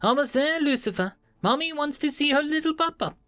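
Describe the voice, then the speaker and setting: A man voicing a menacing woman who coos at her attack dog in a high sing-song voice. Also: lively intonation, fairly quick, sharp tone, no room sound, faint music behind, exaggerated voice. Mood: gloating. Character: gleeful menacing woman, dog's owner.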